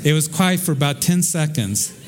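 A man's voice: a little high, animated, moderate pace, noisy background. A middle-aged American man, a pastor, teaching verse by verse through the Bible in a conversational way, telling stories and often restarting his sentences. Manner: conversational, warm storytelling with frequent restarts.

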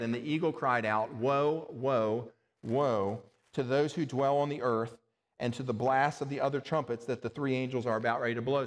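A man preaching a sermon in an earnest, plain-spoken way, sometimes stumbling over words and restarting them. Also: medium pitch. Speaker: pastor. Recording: long reverb of a large hall.

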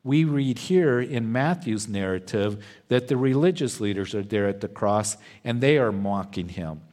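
Slow, deliberate male preacher. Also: fairly low pitch, lively intonation, darkish tone. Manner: slow, deliberate, verse-by-verse teaching. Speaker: pastor. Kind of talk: expository sermon.

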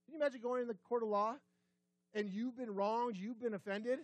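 A man preaching a sermon as pastor, conversational, asking the congregation questions and dropping his voice low and quiet for emphasis. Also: steady tone, brisk, dry recording. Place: church sanctuary.

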